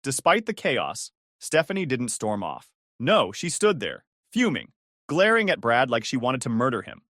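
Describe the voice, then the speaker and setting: A man's voice: mid-range voice, huge pitch swings, normal speed, pushed and bright, no room sound, studio quality. A man narrating a first-person revenge story in a dramatic, gossipy way.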